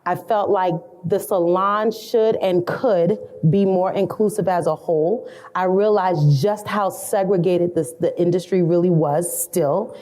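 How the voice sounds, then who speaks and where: A woman's voice: on the low side, steady tone, measured pace, hardly any pauses, warm tone. A middle-aged woman, a salon educator, speaking earnestly and reflectively as a podcast guest, building her points through repeated phrases. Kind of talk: storytelling podcast interview.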